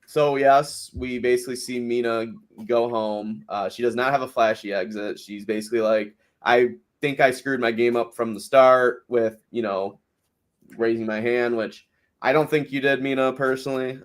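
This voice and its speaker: A man hosting a podcast, chatting casually about a reality show with fillers and frequent laughs. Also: mid-range voice. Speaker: podcast host. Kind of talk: casual recap chat.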